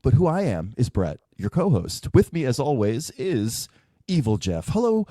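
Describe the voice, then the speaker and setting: A man co-hosting a casual podcast, animated and laughing often. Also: medium pitch, normal speed, dry recording, clean studio sound. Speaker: podcast co-host.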